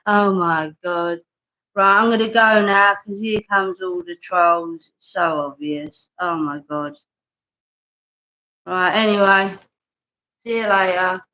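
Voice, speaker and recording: A woman's voice: medium pitch, fairly even intonation, takes it slowly, pauses often, bright, forceful tone. A woman hosting a livestream, ranting bluntly and chatting to viewers, sometimes dropping into mutters. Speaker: livestream host. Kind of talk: ranting live stream. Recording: dull lo-fi sound.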